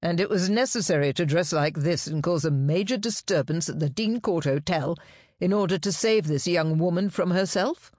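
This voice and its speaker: An exasperated older policeman, put on by a woman reader in an audiobook. He blusters in disbelief, loud and put out. The voice sits close and dry. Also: on the low side, moderate pace, no room sound, lightly acted. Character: older white-haired male police officer, exasperated.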